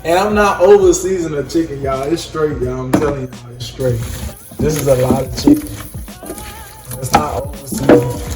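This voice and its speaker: Man, chatty home cook, slightly high voice, roomy sound. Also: normal speed. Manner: chatty, apologetic, addresses viewers as y'all. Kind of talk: casual cooking vlog. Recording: echoey room with music behind.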